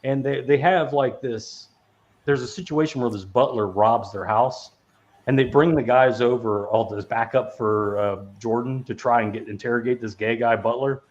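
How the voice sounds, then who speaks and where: This podcast host is a man with a mid-range voice who talks at a normal speed. He meanders through a casual, profane movie chat, laughing often and restarting sentences amid lots of fillers, all captured in dull lo-fi sound.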